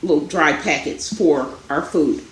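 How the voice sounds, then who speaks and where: A woman talks to her viewers from her home, a little out of breath, rambling with plenty of ums and uhs. Her voice sits slightly low. The room is echoey, with a faint hum behind her. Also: unhurried. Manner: chatty, rambling, many fillers. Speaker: vlogger. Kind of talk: casual chat. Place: home, indoors.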